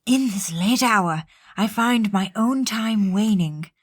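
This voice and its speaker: A woman voicing an aging male monster hunter, reading his farewell slowly and gravely. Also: medium pitch, lively intonation. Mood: solemn.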